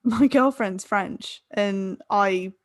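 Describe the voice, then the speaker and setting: A woman's voice: medium pitch, very slow, dry recording. Woman co-host, a bit tipsy, giggly ramble, dry close mic. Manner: rambling, laughs mid-sentence. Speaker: podcast co-host. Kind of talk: casual chat.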